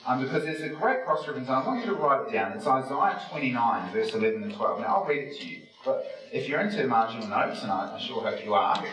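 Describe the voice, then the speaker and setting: A man's voice: medium pitch, lively intonation, quick pace, hardly any pauses. A man giving a chatty Bible study sermon, posing rhetorical questions to his listeners. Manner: folksy, chatty, with frequent fillers. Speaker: Bible teacher. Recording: very echoey room from a distance with faint music.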